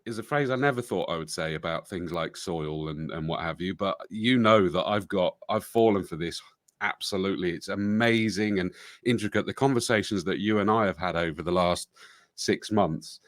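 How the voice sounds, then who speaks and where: A man's voice: sits low, moderate pace, dry recording, clean studio sound. A British man hosting a podcast, chatting casually with a jokey, self-deprecating manner. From Britain. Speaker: podcast host.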